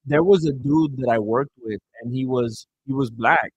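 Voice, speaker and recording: A man's voice: medium pitch, moderate pace, slightly rough, dry recording, low-quality recording. A man streaming a fight watch-along, chatting casually and rambling through stories between reactions. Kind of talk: casual live commentary.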